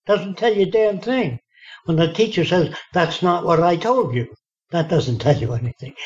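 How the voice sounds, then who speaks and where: A man's voice: fairly high pitch, a little mellow. A man being interviewed, telling stories in a blunt, folksy way and acting out what people said to him. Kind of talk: storytelling in conversation. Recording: dull lo-fi recording.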